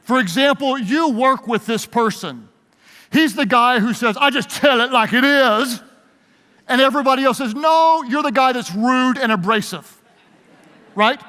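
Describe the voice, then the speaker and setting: A man's voice: extremely high pitch, normal speed, sharp tone. A man preaching a leadership sermon, leading his audience in call-and-response. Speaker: pastor. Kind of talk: sermon-style leadership talk. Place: large hall with live audience. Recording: long hall reverb.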